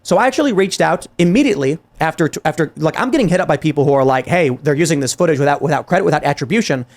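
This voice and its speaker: Male talk host, 30s, higher register, heated and animated, stumbles and restarts a lot. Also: racing. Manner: animated, exasperated, frequent restarts and quoted dialogue. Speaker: podcast host. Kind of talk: heated political commentary.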